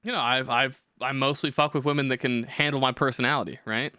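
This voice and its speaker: A man's voice: mid-range voice, fairly even intonation, fast talker, pushed and bright, clean tone, no room sound, clean studio sound. A young man hosting a podcast, telling crude, profane comic stories in a brash, rambling way. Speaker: podcast host. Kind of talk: crude comedic rant.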